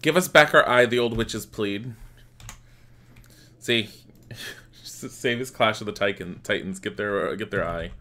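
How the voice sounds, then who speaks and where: A man's voice: fairly low pitch, a bit bright, slight background noise. A man streaming a live game playthrough, reading the game's text aloud between the commands he types.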